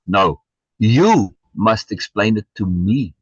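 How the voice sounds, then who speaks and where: A man reading the part of an old male sorcerer teacher, speaking slowly and deliberately, repeating himself with calm insistence. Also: fairly low pitch, husky, no echo, highs cut off, voice pushed down, exaggerated voice. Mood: insistent. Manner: slow, deliberate, repetitive insistence.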